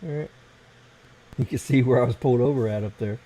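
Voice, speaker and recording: A man's voice: mid-range voice, brisk, dark tone, low-quality recording. An American man hosting a casual late-night livestream, rambling and swearing as he fiddles with his computer. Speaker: livestream host.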